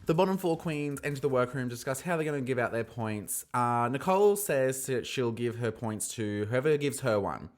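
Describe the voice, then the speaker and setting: A man talks through a reality show episode in a casual solo podcast, playful and animated. His pitch swings widely as he acts out quotes in shifting voices. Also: normal speed, hardly any pauses, soft background music.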